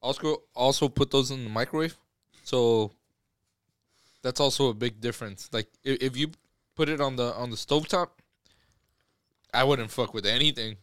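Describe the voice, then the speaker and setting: Bright, teasing podcast guy. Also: medium pitch, normal speed, pauses often, clean tone, no room sound, studio quality. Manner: teasing, laughing. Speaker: podcast co-host. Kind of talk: casual chat.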